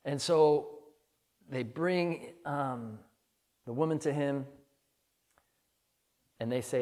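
A man's voice: mid-range voice, takes it slowly, a little mellow. Earnest man preaching a conversational sermon. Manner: earnest, candid storytelling that swells with feeling. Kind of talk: conversational sermon with personal story.

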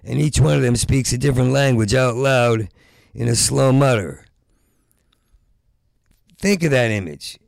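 An older man with a deeply gravelly voice rambles through a comic monologue, stammering over word starts and slipping into low mutters. The sound is dry and close, with no room around it. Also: measured pace, long pauses, dry recording. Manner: profane rants, trails off into mutters. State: Parkinson's. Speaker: stand-up comedian.

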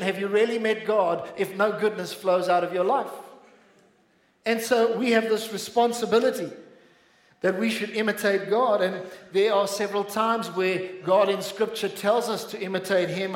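A man's voice: high-pitched, steady tone, normal speed. A man with a South African accent preaching a sermon earnestly and calling out to the congregation. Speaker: pastor. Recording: echoey church hall.

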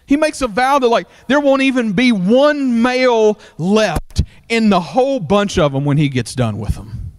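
Preacher, high voice, animated storytelling sermon. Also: male voice, moderate pace. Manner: animated storytelling with many fillers. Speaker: pastor.

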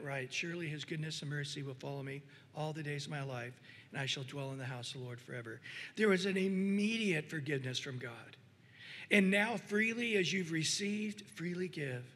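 Animated preacher man, high voice. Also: husky, in a large hall. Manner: animated preaching, acts out voices, many restarts. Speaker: pastor. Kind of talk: sermon.

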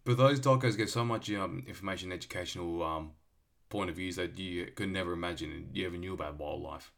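A man's voice: deep voice, a little fast, vocal fry, a bit bright. A young man in his twenties with an Australian accent, hosting a podcast in an enthusiastic, rambling way with lots of fillers. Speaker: podcast host. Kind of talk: casual podcast monologue.

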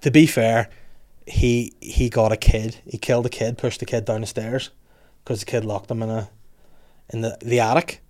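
A man's voice: mid-range voice, fairly even intonation, normal speed, darkish tone. A man in his thirties hosting a podcast, rambling and laughing through casual chat. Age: 30s. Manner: rambling, laughing, slips into put-on voices. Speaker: podcast host.

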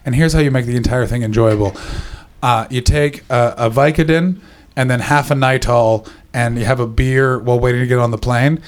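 Animated stand-up comic working the crowd. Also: male voice, mid-range voice, slight background noise. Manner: animated, shouting voices for punchlines. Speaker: stand-up comedian. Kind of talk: stand-up set with crowd work.

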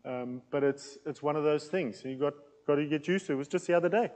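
A man preaching a teaching sermon in a plain, loud, conversational way, with an accent that he says can sound aggressive. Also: a little high, fast talker, long reverb tail, low-quality recording. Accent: non-local accent in England. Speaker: pastor teaching a series.

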